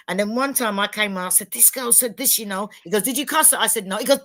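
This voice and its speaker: A woman's voice: mid-range voice, quick pace. A middle-aged woman, talking emphatically in a casual panel chat and retelling conversations. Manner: emphatic, animated storytelling with quoted dialogue.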